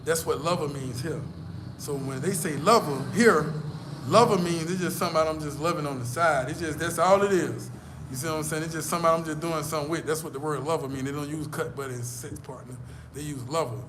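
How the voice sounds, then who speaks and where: A man's voice: fairly high pitch, fast, noisy background. A man giving blunt, profane advice in a casual storytelling rant, hammering his points by repeating them. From United States. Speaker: vlogger.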